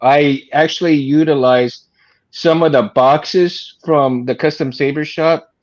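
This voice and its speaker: Man, unhurried, lots of ums, slightly dull call audio, casual livestream chat. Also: on the high side. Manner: hesitant, many fillers. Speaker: lightsaber maker. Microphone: video call.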